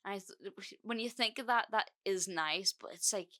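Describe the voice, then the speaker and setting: A woman's voice: mid-range voice, moderate pace, bright, forceful tone. A young woman hosting a podcast, telling a breakup story in a casual, frank way that is full of swearing and fillers. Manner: chatty, frank, swears freely, many fillers. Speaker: podcast host.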